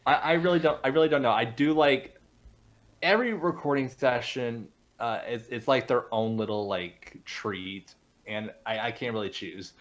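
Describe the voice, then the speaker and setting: A man's voice: medium pitch, normal speed. A young man, a voice actor guest on a casual podcast, rambling with many restarts and laughing easily.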